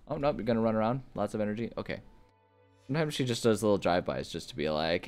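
Man, lowish voice, casual gameplay commentary, rambling, faint music behind. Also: expressive, quick pace. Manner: chatty, rambling, reads game text aloud. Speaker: gaming YouTuber. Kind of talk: casual let's-play commentary.

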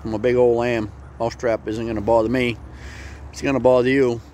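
A man's voice: medium pitch, flat delivery, brisk, darkish tone, a little hiss or hum, lightly acted. A man voicing a big, smug male lamb who brushes off others' worries, in a near-everyday voice. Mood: dismissive. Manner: laughing, dismissive.

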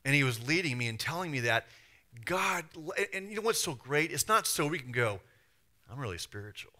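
A man preaching a sermon as pastor, lively and acting out the voices he quotes. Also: fairly high pitch, fairly quick. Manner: animated, acts out voices and quotes. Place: church.

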